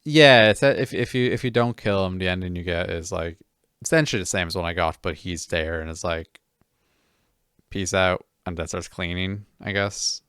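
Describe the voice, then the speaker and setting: A man's voice: deep voice, brisk, fairly bright tone, smooth, dry recording, clean studio sound. A man streaming a game, chatting casually with viewers in a rambling, self-mocking way full of restarts.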